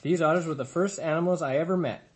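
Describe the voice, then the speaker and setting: A man voicing a calm, gentle female robot in a storybook reading, speaking in a polite, measured, friendly way. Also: a little high, voice pushed up, lightly acted.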